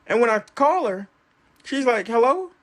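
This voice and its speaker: Man, casual storyteller, swooping animated pitch, acts out every quote. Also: normal speed.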